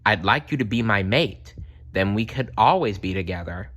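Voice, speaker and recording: A man's voice: on the low side, expressive, moderate pace, a bit bright. Man doing a storybook fox, young male, earnest, hopeful, brave.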